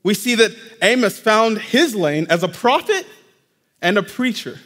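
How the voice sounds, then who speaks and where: A man preaches from the pulpit, and his voice sits fairly high. He talks to the congregation in a conversational way, checking in with them as he goes. Long reverb from the church hall trails after his words. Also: very animated, a little slow, a bit bright. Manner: conversational, addresses congregation directly. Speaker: pastor. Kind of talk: sermon. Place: church sanctuary.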